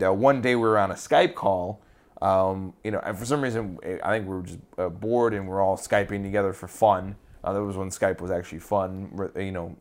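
Low-voiced man telling a rambling story. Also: smooth. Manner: rambling, full of fillers and restarts. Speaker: actor and interview guest. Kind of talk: casual interview storytelling.

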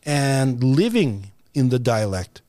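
An older American man recalling his career in a podcast interview, pausing and restarting often. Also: mid-range voice, sing-song, warm tone, no echo, studio quality. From United States. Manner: halting, many restarts and fillers. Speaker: guest, writer and actor. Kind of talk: reflective interview conversation.

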